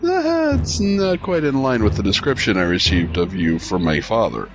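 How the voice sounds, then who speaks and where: A man's voice: on the low side, sing-song, moderate pace, music in the background. A man voicing a teasing female ship hologram in an audiobook reading, with a playful, chiding delivery. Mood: wry.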